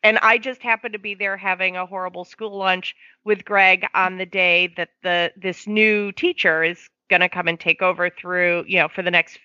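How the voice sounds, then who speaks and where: A woman's voice: lowish voice, moderate pace, hardly any pauses, dry recording, dull audio. A woman, a foster parent, telling a story in conversation and acting out the quoted dialogue. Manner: lively, acts out quoted dialogue.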